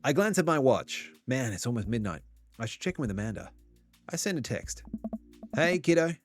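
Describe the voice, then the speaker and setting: A man's voice: medium pitch, very animated, a little fast. A man streaming a dating game, reading its narration aloud with wry, joking asides. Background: game music.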